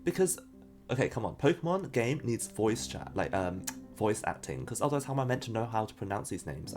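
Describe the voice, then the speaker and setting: A slightly mellow, medium-pitched man streams himself opening trading card packs. He keeps up a chatty running commentary, reacting to pulls and reading chat aloud, and he laughs frequently while stumbling over names he's unsure how to pronounce.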